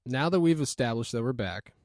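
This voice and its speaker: A rambling man co-hosting a podcast, swearing freely and making fun of himself. His voice is mid-pitched and recorded dry and close. He talks in loose, casual banter. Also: expressive, a little fast, darkish tone, no room sound. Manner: rambling, profane, self-mocking. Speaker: podcast co-host. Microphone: studio mic.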